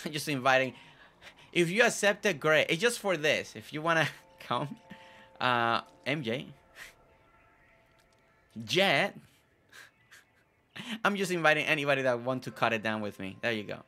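A man's voice: fairly high pitch, expressive, unhurried, pauses often, pushed and bright. A man whose first language is not English, chatting casually over his gameplay. He repeats himself and stumbles over tricky names. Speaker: gameplay video host.

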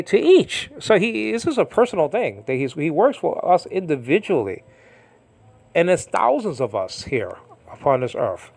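A man's voice: a little high, vocal fry, darkish tone. A man giving an informal Bible lesson on Greek words, rambling and often asking the listener if they understand. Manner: rambling, repeats questions to listener. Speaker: Bible teacher.

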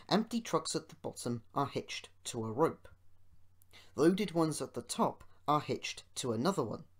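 A man reading a children's storybook aloud as an amateur audiobook narrator, in a measured way. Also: medium pitch. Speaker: podcast host reading an audiobook.

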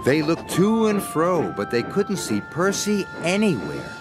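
Slow, expressive male storyteller. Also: a little high. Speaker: narrator. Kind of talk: scripted children's story narration. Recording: narration over music score.

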